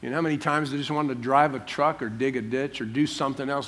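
An older man, a pastor, preaching a sermon in an animated way, acting out quotes with jokey asides. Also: mid-range voice, fast talker.

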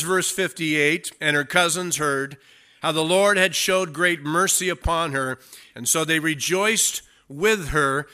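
A man preaching a sermon and reading from the Bible, emphatic, slowing down to stress key phrases. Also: a little high, pushed and bright.

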